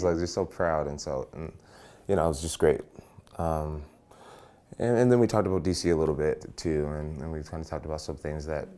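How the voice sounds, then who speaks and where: A man with a remarkably deep voice talks in a casual interview. He is a professional fighter, upbeat and eager, who repeats words as he restarts his sentences. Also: a little mellow.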